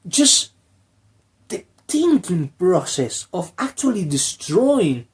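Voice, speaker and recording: Slow, husky sarcastic commentator. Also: mid-range voice, darkish tone. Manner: rambling, meme-laden, mock-dramatic. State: strained throat. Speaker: video commentator.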